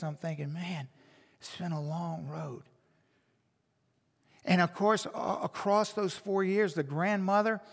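A man's voice: high voice, long reverb tail. A man preaching a sermon as a pastor, telling a story with earnest, emphatic repetition. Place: church.

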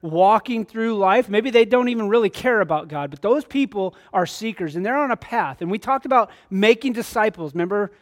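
A man's voice: high-pitched, animated, fairly quick, few pauses. A pastor preaching a conversational sermon to his church, a man acting out quoted voices in his stories.

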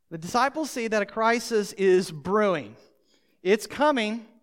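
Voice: medium pitch, fairly quick. A pastor preaching a sermon, speaking emphatically and straight to the listeners. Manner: emphatic, addresses listeners directly. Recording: long hall reverb.

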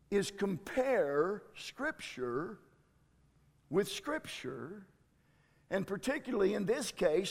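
A man preaching a sermon as a pastor, emphatic and exclamatory, with dramatic shifts between loud and hushed delivery. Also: high-pitched, big-room sound.

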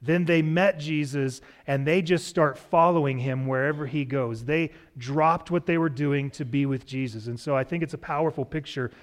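A man preaching a sermon as pastor in a church sanctuary, relaxed and cracking light jokes to the congregation. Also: fairly high pitch, normal speed, few pauses. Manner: relaxed, joking asides to the congregation.

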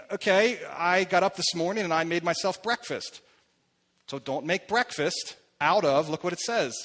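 A man's voice: fairly high pitch, a bit bright. A man in his thirties preaching a sermon, talking conversationally and putting questions to the congregation. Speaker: pastor. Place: church hall. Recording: long hall reverb.

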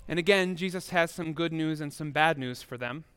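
At a moderate pace, a man with a notably high, smooth, slightly bright voice preaches as a pastor. He talks to his listeners directly in a conversational way, frequently posing rhetorical questions.

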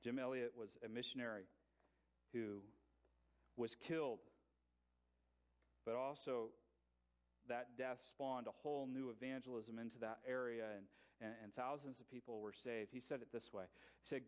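A male pastor preaching a sermon in a conversational way, with light humor and pauses. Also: mid-range voice, steady tone.

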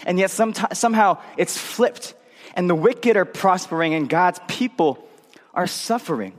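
A man's voice: sits high, expressive, normal speed, in a large hall. A male pastor preaching a sermon in a conversational way, often checking in with tag questions.

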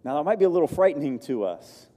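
Man preaching with a dark, warm voice. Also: fairly high pitch, sing-song, fast. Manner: emphatic, repetitive preaching cadence. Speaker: pastor. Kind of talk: sermon. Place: church sanctuary. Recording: long hall reverb.

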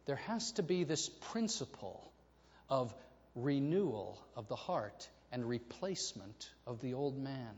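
A man preaching a sermon to his congregation, telling a story with animated delivery and acting out the voices in it. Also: mid-range voice, a little slow. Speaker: pastor. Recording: reverberant hall, dull lo-fi sound.

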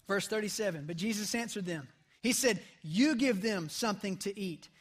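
Male pastor, high voice, chatty sermon delivery with soft intense drops. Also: lively intonation, measured pace. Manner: conversational preaching, drops to soft intense tones. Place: church sanctuary.

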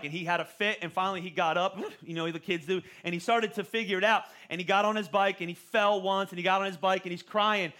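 Bright, high-voiced man preaching. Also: steady tone, fast talker, few pauses. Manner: conversational, repeats words when starting phrases. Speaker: pastor. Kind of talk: sermon.

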